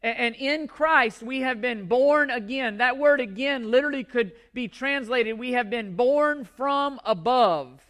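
A man's voice: extremely high pitch, unhurried, hardly any pauses, fairly bright tone. A male pastor delivering a sermon to his congregation in a church, emphatic and repeating key words for stress.

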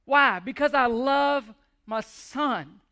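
A man's voice: extremely high pitch, slow, bright, forceful tone, clean tone. A middle-aged man preaching a sermon, earnest and pleading, often repeating words as he restarts. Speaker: pastor.

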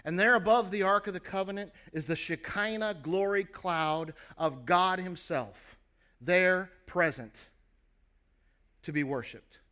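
A man's voice: high-pitched, measured pace, bright, forceful tone. A preacher voicing a patient male gatekeeper. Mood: explaining. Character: plain-spoken male gatekeeper, patient and apologetic.

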